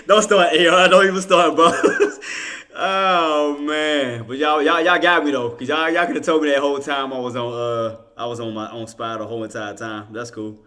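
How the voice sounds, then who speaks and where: Bright-voiced man teasing his chat. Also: mid-range voice, measured pace. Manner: laughing, teasing banter with viewers; loose casual slang. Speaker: stock trading livestream host. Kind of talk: casual livestream commentary to chat.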